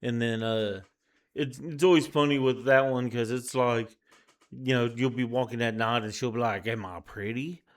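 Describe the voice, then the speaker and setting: A tired man co-hosting a casual podcast chat, telling stories with lively quoted voices. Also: medium pitch, normal speed. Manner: animated storyteller, acts out quoted voices. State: tired, yawning. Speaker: podcast co-host.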